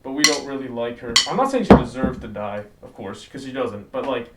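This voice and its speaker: A man's voice: medium pitch, expressive, a little fast. Teen male vlogger, slangy and self-correcting, recorded a little far from the camera mic. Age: late teens. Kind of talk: casual storytelling to camera. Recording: slightly distant mic, faint noise.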